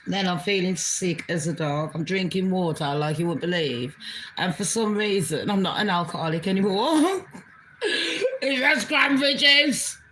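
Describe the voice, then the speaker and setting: A woman's voice: fairly low pitch, lively intonation, normal speed, slight background noise, rough recording. A British Jamaican woman vlogging an angry political rant, heated and profane, swearing constantly.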